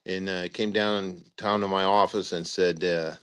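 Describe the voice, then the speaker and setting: With a deep, smooth voice and fairly even intonation, an older retired army officer speaks at normal speed in a casual interview. He rambles through war anecdotes as a former brigadier general, using lots of "uh" fillers and performing the quotes.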